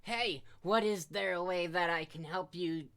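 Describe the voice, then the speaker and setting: A woman's voice: fairly low pitch, measured pace, fairly bright tone. A woman voicing an earnest cartoon hedgehog boy, reading his lines stiffly in a comedic fan-fiction reading.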